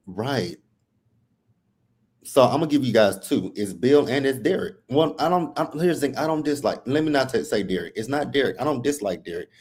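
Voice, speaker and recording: A man co-hosting a casual live review chat, relaxed and chuckling, often restarting his sentences. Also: mid-range voice, fairly quick, slight background noise. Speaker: co-host.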